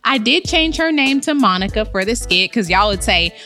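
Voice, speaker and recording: A woman's voice: a little high, expressive, normal speed, pushed and bright, soft background music. A woman hosting a comedic advice podcast, talking sassy and playful and laughing at her own jokes. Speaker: podcast host.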